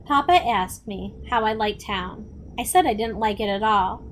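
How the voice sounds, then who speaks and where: A woman reading a children's novel aloud in a steady, measured storytelling manner. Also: mid-range voice, a little hiss or hum. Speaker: audiobook reader.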